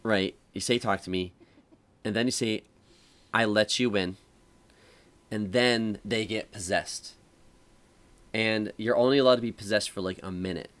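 A man's voice: fairly low pitch, a little slow, pauses often, a bit bright. A man hosting a casual podcast chat, rambling through a story with lots of fillers and restarts. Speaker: podcast host.

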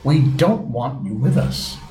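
A man's voice: medium pitch, expressive, slow, dark tone, voice pushed up. A man voicing a curious, polite young girl who speaks in an earnest, wondering way. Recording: roomy with faint hiss.

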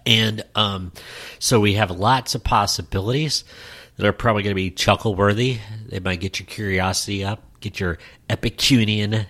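A middle-aged man with a very low, deep voice chats playfully on a podcast. He rambles with plenty of fillers and jokes as he goes. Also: steady tone, moderate pace, fairly bright tone. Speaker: podcast co-host. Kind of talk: casual chat.

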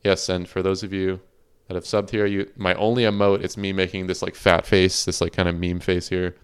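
A man's voice: sits low, level tone, a little fast, clean tone. A man hosting a livestreamed podcast in casual chat, reading out viewer questions and laughing often. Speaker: podcast host.

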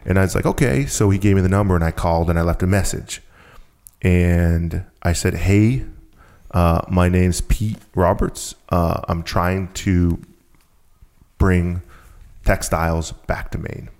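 A man's voice: low-pitched, level tone, unhurried, a little mellow. A man who is a guest on a conversational show, telling a story casually and with energy, often restarting and repeating phrases.

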